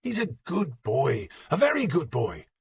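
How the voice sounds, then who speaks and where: A man voicing a fond elderly priest who gently chides an old friend. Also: fairly high pitch, very animated, moderate pace, slightly rough, no echo, voice pushed up, exaggerated voice. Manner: gentle, chiding, affectionate.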